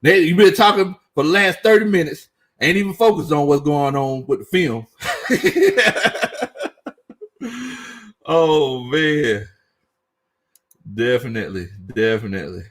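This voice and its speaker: Young man, sports stream host, casual slangy chat, laughing a lot, slightly high voice. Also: animated, slow pace, long pauses, fairly bright tone. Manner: laughs often, reads chat comments aloud, slangy and playful.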